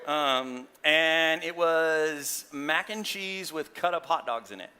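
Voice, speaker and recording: Bright, punchy pastor telling stories. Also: male voice, fairly high pitch, slow, a little hiss or hum. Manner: candid, self-deprecating storytelling with frequent "right?" asides. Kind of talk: conversational sermon.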